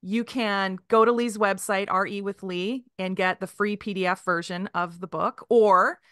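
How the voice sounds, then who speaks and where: A woman's voice: mid-range voice, fairly even intonation, moderate pace, a bit bright, smooth, no room sound, clean studio sound. A woman hosting a podcast, wrapping up an interview with an upbeat, promotional manner. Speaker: podcast host.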